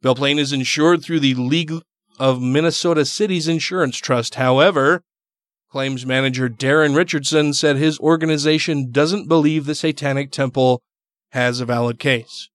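A man's voice: a little high, steady tone, normal speed, no echo. Sarcastic man reading news aloud. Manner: sarcastic, laughs often. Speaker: podcast host. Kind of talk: casual chat, reading a news story aloud.

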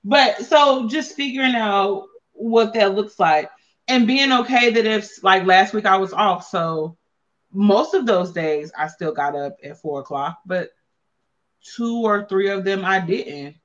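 A woman's voice: medium pitch, measured pace, dull audio. A woman hosting a casual chat, blunt and playful, with lots of salty slang. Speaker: podcast host and wellness coach.

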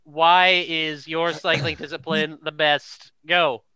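A man's voice: a little high, little pitch movement, slow, crowd noise. A man hosting a casual chat, easygoing and hesitant, with many fillers as he asks the others for their statements. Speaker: podcast host, moderator.

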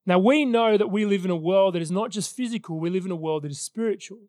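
A man's voice: sits high, fast talker, a little mellow, no room sound, clean studio sound. A man in his thirties preaching a sermon as pastor, telling personal stories in an earnest way. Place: church service.

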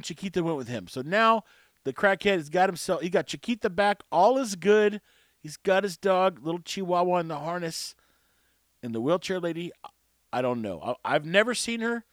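Brisk and animated, a high-pitched male host tells a meandering story in a self-mocking, wry manner. He speaks into a close mic with no room sound, in a casual storytelling monologue.

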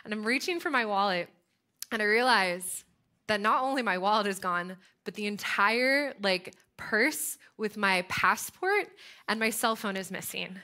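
A young American woman telling a personal story in a sermon, animated and chatty, with frequent fillers. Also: mid-range voice, unhurried. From United States. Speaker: speaker.

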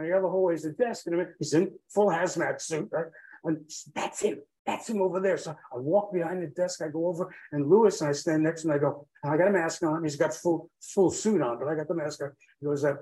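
Man, guest storyteller, warm dark tone, rambling and emotional. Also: fairly high pitch, a little fast, rough recording. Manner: rambling, drifts off track, many fillers. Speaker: podcast guest telling his own story.

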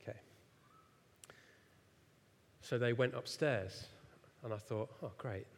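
A man in his thirties preaches in a church hall, telling a self-mocking story and laughing often at his own failings as an animated storyteller. His mid-range voice is creaky and unhurried, and the hall's reverb echoes around him.

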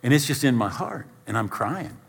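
A man's voice: mid-range voice, normal speed, gravelly, breathy edge, big-room sound. A middle-aged male pastor telling a humorous personal story in a sermon, acting out scenes and poking fun at himself. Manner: animated, self-deprecating storyteller acting out scenes.

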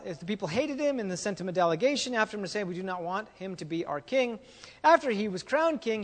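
A man preaching a sermon as pastor, conversational and animated, with playful asides between scripture readings. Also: sits high, in a large hall.

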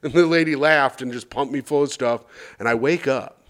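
A man's voice: medium pitch, moderate pace, a bit bright. A man co-hosting a comedy podcast, telling a long rambling anecdote and acting out the voices in it. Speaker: podcast co-host. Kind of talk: crude comedic storytelling.

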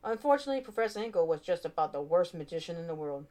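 A woman narrating a children's storybook aloud with expressive, animated delivery. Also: lowish voice, racing.

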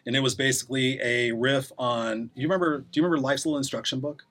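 A man telling a rambling story on a podcast at a brisk clip, words tumbling out quickly. His humor is blunt and sarcastic, and he often restarts his sentences. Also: mid-range voice, steady tone, fairly bright tone. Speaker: podcast guest, life coach. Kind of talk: casual conversation.

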